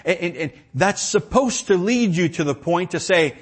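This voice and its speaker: A man with a breathy, husky edge to a fairly high voice delivers a church sermon. He stammers and repeats words as he builds, pressing hard on key phrases before falling quiet and slow. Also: animated. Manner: impassioned, repeats words, swings from loud emphasis to quiet. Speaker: preacher.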